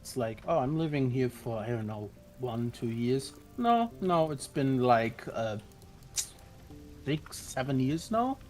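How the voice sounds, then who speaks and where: A man in casual chat while playing a game with friends, animated and prone to bursts of mock outrage. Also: medium pitch, unhurried, faint music behind. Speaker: co-player on a stream.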